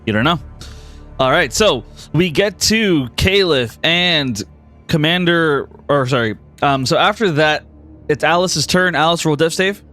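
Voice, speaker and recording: A man's voice: on the high side, expressive, a little slow, bright, forceful tone, soft background music. A man narrating as game master, guiding players through a tabletop role-playing session.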